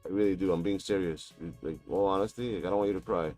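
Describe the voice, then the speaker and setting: A man's voice: deep voice, fast talker, darkish tone, faint music behind. A man streaming a basketball video game, taunting and mocking his opponent with a profane, trash-talking manner. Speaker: gaming streamer. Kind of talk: live gameplay trash talk.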